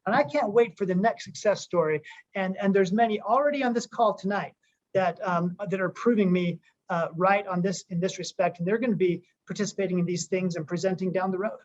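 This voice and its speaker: A man's voice: high voice, fairly quick. Upbeat rambling man on a muffled call. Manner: upbeat, rambling with frequent restarts. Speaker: company co-founder. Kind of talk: conference call pep talk.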